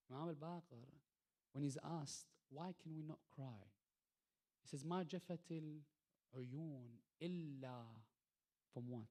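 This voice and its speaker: A man delivers a religious lecture to a gathered audience. His voice sits slightly high for a man. He often poses rhetorical questions and moves between hushed, soft passages and loud, emphatic peaks. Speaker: lecturer at an Islamic centre.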